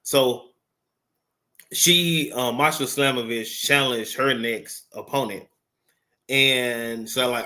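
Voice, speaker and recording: A man's voice: medium pitch, slow, long pauses, pushed and bright. A man giving a casual, rambling wrestling review off the cuff, full of fillers and swearing. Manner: rambling, profane, filler-heavy.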